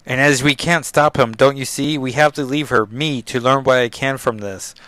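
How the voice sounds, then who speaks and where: A man's voice: medium pitch, steady tone, normal speed, fairly bright tone, no echo, natural voice. A man reading the lines of a grim, haunted young sorceress plainly, without an accent. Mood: pleading.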